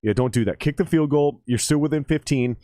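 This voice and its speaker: A man's voice: on the high side, brisk, dark tone, dry recording, clean studio sound. A man chatting casually on a livestream, rambling and swearing with lots of fillers as he comments on a game. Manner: rambling, profane, with many fillers.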